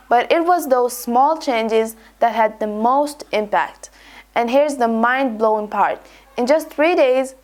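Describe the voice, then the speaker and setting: Upbeat lady teaching pronunciation off a script, voice sits a bit high, trips on a word now and then. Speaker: accent coach.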